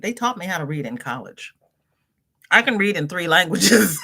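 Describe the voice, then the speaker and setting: A woman's voice: lowish voice, very animated, normal speed, creaky, bright, forceful tone, husky. A middle-aged woman hosting a crochet livestream, chatting casually, reading viewers' comments aloud and greeting them by name with laughter.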